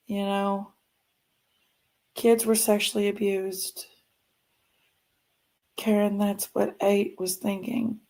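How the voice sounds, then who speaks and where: A woman with a dark, mid-range voice hosts a casual true crime stream as its channel host. She addresses her viewers directly, often trailing off and repeating herself.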